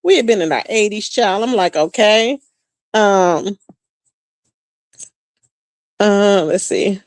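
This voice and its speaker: Her voice sits at a medium pitch and moves slowly, captured in clean studio sound with no room noise. She's a Texan woman running a relaxed livestream, chatting and gossiping animatedly with viewers she calls "child" and "boo."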